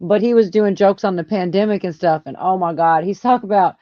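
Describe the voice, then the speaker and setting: Woman, chatty, laughing, mellow voice, slightly muffled dry audio. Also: mid-range voice, brisk, few pauses, dry recording. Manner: laughing, chatty, reads comments aloud. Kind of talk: casual livestream chat.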